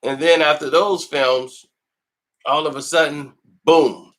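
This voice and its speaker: A man's voice: on the high side, fairly even intonation, slow pace, a bit bright. A man hosting a film review channel, chatting casually and telling stories with lots of laughter and acted-out quotes. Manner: laughs often, tells stories animatedly; acts out quotes in put-on voices. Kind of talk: casual chat.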